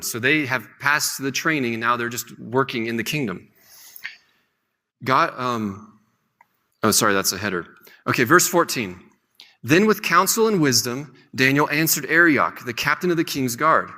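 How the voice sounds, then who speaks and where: A man teaching a casual Bible lesson in a relaxed, conversational way, loosely paraphrasing scripture with light humor. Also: medium pitch, moderate pace. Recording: long hall reverb.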